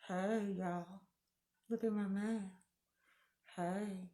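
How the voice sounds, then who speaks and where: A woman hosting a casual live stream from home, greeting viewers by name and laughing often. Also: fairly high pitch. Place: room at home. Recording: echoey room.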